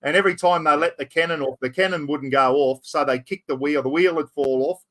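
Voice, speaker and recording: A man's voice: a little high, a little fast, fairly bright tone. A middle-aged Australian man hosting a casual live stream, rambling through stories and calling everyone "mate". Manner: rambling, storytelling, sprinkles "mate" and mild swearing. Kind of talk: casual chat.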